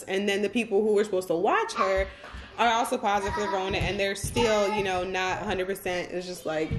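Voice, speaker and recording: A woman talking casually to her viewers in a home vlog, rambling and chatty, calling them "y'all". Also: mid-range voice. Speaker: vlogger. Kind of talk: casual day-in-the-life vlog chat.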